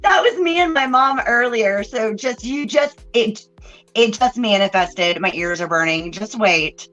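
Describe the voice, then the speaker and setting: A woman's voice: a little high, a little slow. Chatty Texan woman hosting a livestream. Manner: chatty, greets viewers warmly by name. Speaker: host and card reader. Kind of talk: casual livestream chat. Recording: dull lo-fi livestream audio with faint music.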